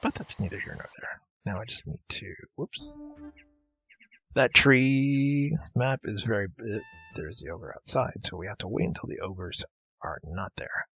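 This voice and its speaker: A man's voice: fairly low pitch, unhurried, fairly bright tone. A man giving chatty, punning, self-deprecating commentary over a game he is playing. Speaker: let's play host. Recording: dull lo-fi recording with faint game music.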